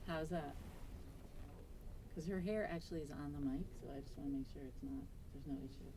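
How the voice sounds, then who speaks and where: A woman with a very low voice and rapid delivery gives brisk, practical directions on a studio set. Clear background noise runs under her voice. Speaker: production crew member. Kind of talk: on-set production talk.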